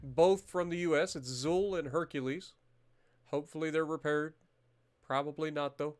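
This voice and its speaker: A man streaming a naval strategy game, commenting casually, swearing freely and bursting into loud disbelief at the battle results. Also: fairly high pitch, normal speed. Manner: muttering calmly while managing menus.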